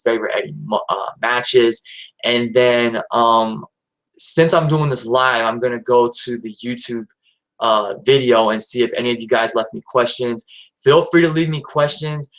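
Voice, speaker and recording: A man's voice: mid-range voice, steady tone, normal speed, fairly bright tone, poor audio. A man hosting his own live stream, talking casually and hesitantly with lots of fillers and restarts. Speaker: channel host.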